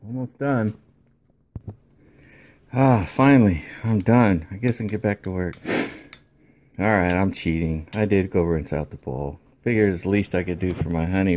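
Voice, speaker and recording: A man's voice: low voice, a little mellow, a little hiss or hum. A man chatting casually as he explains a repair step by step at a home workbench. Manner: chatty, folksy, thinking aloud while working. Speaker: electronics repair hobbyist.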